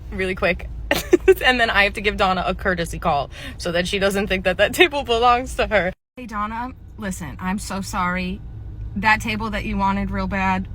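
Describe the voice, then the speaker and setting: A young woman telling a retail comedy sketch in a wry, deadpan way while playing a store associate. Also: mid-range voice, a little hiss or hum. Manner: wry, deadpan storytelling, chuckles between lines. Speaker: comedy skit creator. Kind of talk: sketch narration with acted lines.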